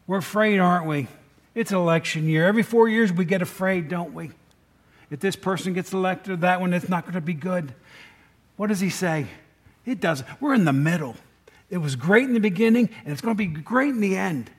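A man's voice: sits high, animated, fairly quick. A middle-aged man preaching a sermon in a conversational way, often asking the congregation questions. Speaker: pastor.

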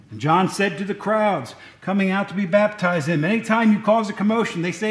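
A man's voice: high voice, brisk, few pauses, echoey room. A man preaching a conversational sermon, folksy and digressive, often correcting himself mid-sentence, in a church.

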